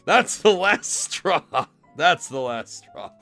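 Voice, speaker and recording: A man's voice: high-pitched, brisk, faint music behind. A man voicing a hyper, cocky young male hedgehog hero who talks in a frantic rush. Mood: furious. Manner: frantic, shouting.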